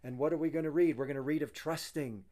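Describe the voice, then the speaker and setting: A man's voice: on the high side, quick pace, dark tone. A man teaching a psalm in casual conversation, earnest and emphatic, repeating key phrases and quoting Hebrew. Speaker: Bible teacher. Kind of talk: conversational Bible study.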